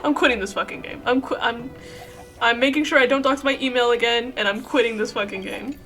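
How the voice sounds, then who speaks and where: A high-pitched woman streams a game live, her voice bright and sharp. She talks dramatically, dropping to mutters and then bursting into shrieks, with faint game music behind her. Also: steady tone, brisk. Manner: dramatic, swings from mumbling to shrieking. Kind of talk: live gaming stream chat.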